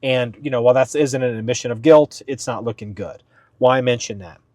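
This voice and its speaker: A man hosting his own podcast in a casual, rambling way, with frequent fillers and restarts, pitching his voice up a little for the show. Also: fairly quick, a little mellow, no room sound. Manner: talks slightly up for the podcast. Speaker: podcast host. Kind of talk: casual solo podcast talk.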